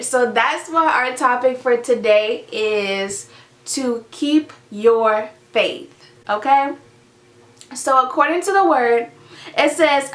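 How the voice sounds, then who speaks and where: Slow, high-voiced woman leading Bible study. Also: fairly bright tone, reverberant. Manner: folksy, preacherly call-outs.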